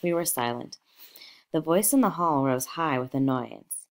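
A woman narrating a novel aloud in a measured, expressive storytelling manner. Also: deep voice. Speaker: audiobook narrator.

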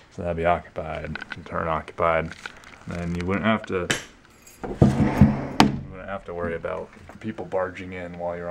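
A man's voice: sits low, gravelly, heavy background noise. A man vlogging casually as he walks through an office, rambling and correcting himself as he explains the tech he is installing. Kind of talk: casual walkthrough vlog. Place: office workspace indoors.

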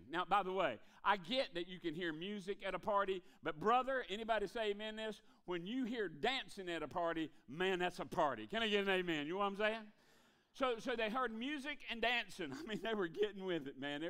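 A man preaching a revival sermon in a church, folksy, calling for amens and dropping to a hush to stress a point. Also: sits high. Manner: folksy, calls for amens, drops to a hush for emphasis.

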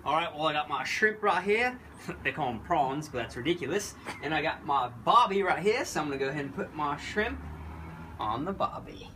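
A man's voice: a little high, very animated, a little fast, bright, forceful tone. A young man hosting a casual travel vlog, playful and joking as he reacts to food. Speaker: vlog host. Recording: noisy background ambience.

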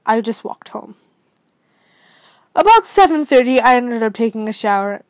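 A young woman with a slightly high voice reads her homemade story aloud. She stumbles and restarts often, keeping an unpolished, casual read. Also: animated, no room sound, low-quality recording. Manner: halting, frequent restarts and slips. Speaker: fan fiction reader.

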